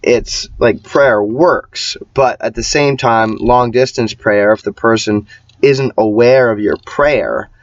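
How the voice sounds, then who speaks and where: A man's voice: mid-range voice, slow pace, dry recording. Profane, rambling man on a dull recording. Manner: often mimics other people's voices. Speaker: vlogger. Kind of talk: casual monologue. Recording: dull lo-fi sound, dry.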